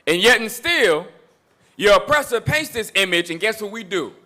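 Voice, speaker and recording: A man's voice: high voice, animated, normal speed, pushed and bright. A man preaching a sermon that mixes scripture with street talk, emphatic and repetitive, with mocking asides.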